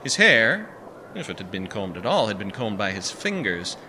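A man reading a story aloud in a wry, measured narrating manner. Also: on the low side, very animated, noisy background. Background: music.

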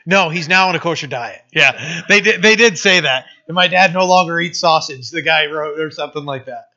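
Bright-voiced pastor telling a story. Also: male voice, a little high. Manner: halting, many fillers and restarts, grows emphatic. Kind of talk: sermon with storytelling. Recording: dull lo-fi sermon recording.

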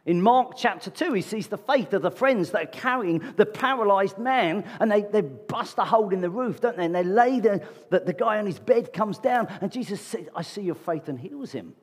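A man's voice: high voice, expressive, normal speed, hardly any pauses, husky. A man preaching a sermon to his congregation in a conversational way, often asking them rhetorical questions. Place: church meeting hall. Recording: long reverb of a large hall.

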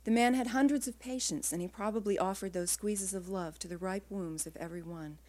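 Speaking in a mid-range voice, a female author quietly reads from her own first-person writing before a live audience. She keeps a measured pace throughout.

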